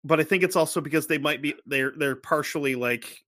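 A man's voice: on the high side, brisk, bright, forceful tone. A man co-hosting a podcast, joking around in casual chat and swearing a lot. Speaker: podcast co-host.

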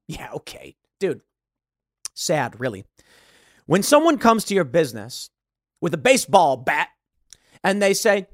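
A man's voice: high-pitched, big pitch swings, a little slow, no room sound. A man from Chicago hosting a political commentary show, talking sarcastically and telling stories into a studio microphone. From Chicago, USA. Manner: sarcastic, storytelling. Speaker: show host.

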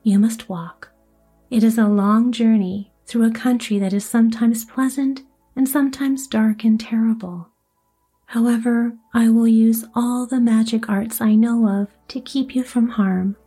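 A kindly old good witch, read by a woman, speaking in a gentle, motherly way. The tone is mellow and a little breathy. A faint bed of music plays underneath. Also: fairly high pitch, steady tone, unhurried.

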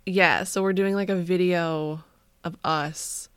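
A woman's voice: lowish voice, fairly even intonation, slow, fairly bright tone, clear, resonant tone, dry recording. A young woman co-hosting a podcast, chatting casually in a playful, self-mocking way. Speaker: podcast co-host. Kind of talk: casual chat.

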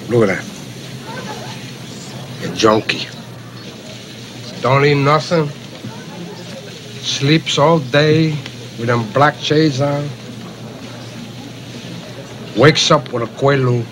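A tough, scornful gangster rants slowly and loudly. Faint noise and street ambience sit behind this film clip. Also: male voice, mid-range voice. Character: scornful tough gangster complaining about his partner. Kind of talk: film dialogue.

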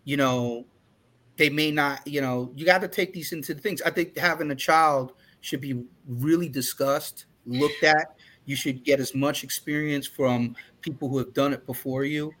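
A man in his forties talks candidly on a podcast, his words looping through restarts and asides. His voice is bright and sits a touch high for a man. The delivery is loose and conversational. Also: fairly even intonation, moderate pace. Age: 40s. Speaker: podcast co-host. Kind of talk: casual chat.

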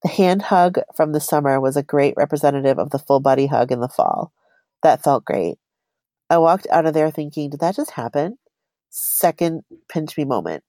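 A woman's voice: deep voice, lively intonation, normal speed, mellow, no echo. A woman co-hosting a podcast, reading a personal story aloud in a chatty, giggly way.

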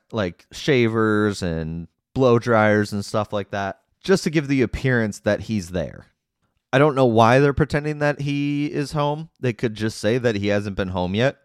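A man's voice: medium pitch, clean tone, no room sound, studio quality. A man recapping a movie in a casual, chatty way, skeptically picking at its plot holes. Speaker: movie reviewer.

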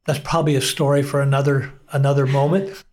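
A middle-aged male pastor telling his personal testimony as an interview guest, earnest and unhurried, with frequent pauses. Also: medium pitch, level tone, a little mellow.

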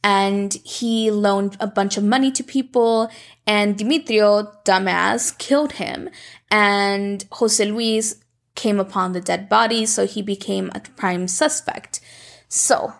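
A woman's voice: mid-range voice, unhurried, vocal fry. A woman recapping a soap opera in a casual, chatty way, sarcastic and acting out the characters' lines. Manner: chatty, sarcastic, acts out quotes. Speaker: recap commentator.

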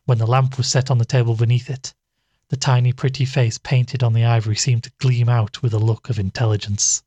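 A man narrating a classic ghost story in a measured storytelling manner. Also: medium pitch, flat delivery, warm tone, slightly rough, dry recording.

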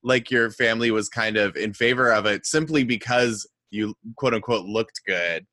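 A man's voice: on the low side, bright, forceful tone, dry recording, studio quality. A man hosting a podcast who asks questions in an easygoing way and laughs along with his guest. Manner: laid-back, unhurried, laughs along. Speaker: podcast host. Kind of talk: interviewer.

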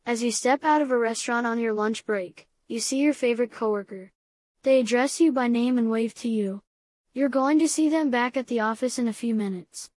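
Brief: woman narrator, fairly high voice, flat matter-of-fact comic read, dry studio sound. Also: normal speed, no echo. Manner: calm matter-of-fact delivery of absurd advice. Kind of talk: scripted deadpan comedy narration.

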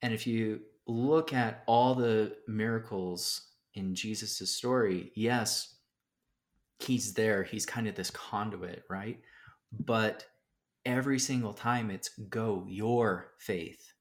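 Low-voiced man telling a lively story. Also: takes it slowly. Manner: animated storyteller who acts out quotes. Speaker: guest. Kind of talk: casual storytelling in a podcast interview.

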